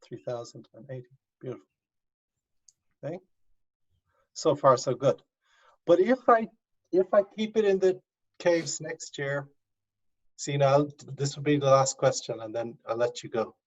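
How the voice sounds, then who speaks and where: A man's voice: medium pitch, expressive, a little slow, long pauses. A male university professor teaching an online class, coaxing students step by step over a video call. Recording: dull lo-fi video call audio.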